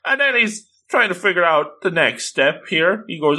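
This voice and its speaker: Man, manga commentator, lively animated pitch, bright tone, jokey asides. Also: normal speed. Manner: animated, joking, chuckling asides. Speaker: manga reviewer. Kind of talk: casual manga read-through commentary.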